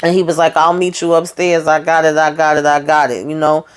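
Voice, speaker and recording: A woman's voice: deep voice, flat delivery, brisk, clear, resonant tone. A woman hosting a casual TV episode recap, retelling scenes through quoted dialogue in a blunt, opinionated way. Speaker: TV show recap host.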